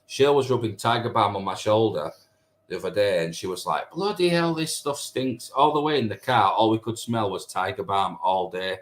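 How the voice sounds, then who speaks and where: A man's voice: on the low side, brisk. A man in his thirties hosting a live stream, chatting and teasing viewers as he reads their comments. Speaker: live stream host reading chat. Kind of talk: casual chat with viewers.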